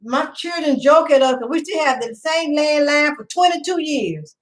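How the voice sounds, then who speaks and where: High-pitched middle-aged woman rambling on her home livestream, chatty, laughs a lot. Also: expressive, normal speed, poor audio. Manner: rambling, chatty, greets viewers by name, laughs often. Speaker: livestream host. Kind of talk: casual live-stream chat with viewers.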